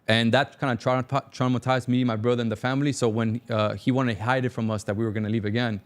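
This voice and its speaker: A young man from Cuba telling his life story as a talk-show guest, animated and acting out dialogue. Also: mid-range voice. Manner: fast, animated, acts out dialogue. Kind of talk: casual storytelling.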